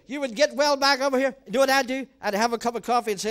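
A man preaching a sermon as pastor, fervent, swinging from shouted calls to quiet earnest talk. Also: extremely high pitch, racing, few pauses. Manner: storytelling with acted quotes and laughter.

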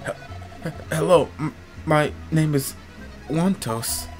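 A man's voice: on the high side, takes it slowly, soft background music, pitched above the performer's own voice. A man voicing a timid young merchant in a video game, stuttering over his words. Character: shy stammering young male merchant.

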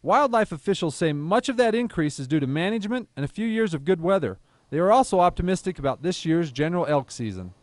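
A man's voice: sits high, animated, fast talker, hardly any pauses, no echo. A man working as an outdoor TV reporter, narrating a news feature and chatting with an interviewee in an upbeat tone.

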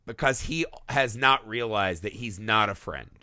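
A man co-hosting a film podcast, talking casually and profanely, slipping into quick character voices. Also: fairly low pitch, lively intonation, sharp tone, dry recording. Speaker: podcast co-host.

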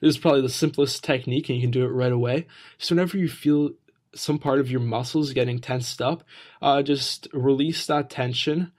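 A man's voice: medium pitch, fairly even intonation, a little fast, a little mellow. A man giving casual spoken tips on improving the voice, talking plainly with frequent fillers. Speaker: voice and social skills coach. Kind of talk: casual tutorial talk to camera.

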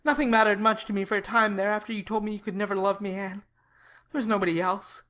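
A woman reading the lines of a frank, tender young man in love, at a quick, heartfelt pace. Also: medium pitch, little pitch movement, fairly bright tone, close to an everyday voice. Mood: earnest. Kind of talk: audiobook character reading.

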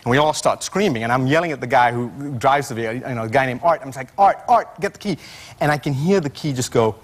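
A man's voice: medium pitch, quick pace. A male scientist guest on a late-night talk show, telling stories with lots of fillers and restarts. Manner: animated storyteller, fillers and restarts.

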